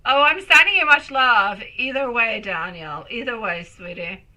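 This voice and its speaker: Bright-voiced woman reading tarot live. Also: on the high side, measured pace, rough recording. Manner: affectionate, calls viewers sweetie and my love; emotive, swings between excited and soft. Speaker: tarot reader.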